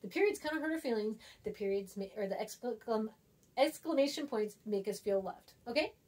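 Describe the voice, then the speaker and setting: A woman's voice: on the high side, lively intonation, fairly quick, a little mellow. A woman teacher giving a casual, chatty lesson, acting out example texts in different voices while writing on a board. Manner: writes on a board while talking.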